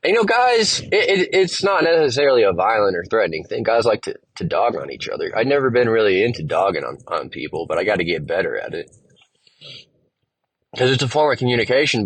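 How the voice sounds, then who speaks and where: A man's voice: medium pitch, big pitch swings, fairly quick, husky, dry recording, rough recording. A male podcast host telling a long, rambling, profane story in a laid-back way. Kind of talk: casual storytelling monologue.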